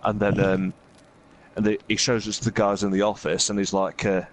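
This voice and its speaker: Guy with a lowish voice rambling thru a story while gaming, lots of um and he's like. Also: flat delivery, brisk, a little hiss or hum. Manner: rambling, full of fillers and "he's like" asides. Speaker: gaming video host. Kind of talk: casual storytelling while playing a game.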